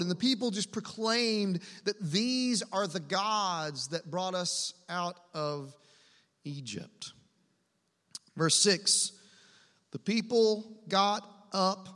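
A man preaches in a lively, conversational way, throwing asides to his listeners. His voice sits high and sounds bright and forceful. The sound carries a long reverb from a church hall. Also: slow, pauses often. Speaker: pastor. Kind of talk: sermon.

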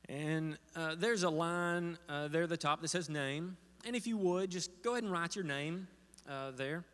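A man's voice: fairly high pitch, normal speed, a bit bright. A man telling a story in a sermon as pastor, with frequent fillers and restarts. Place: church sanctuary. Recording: long hall reverb.

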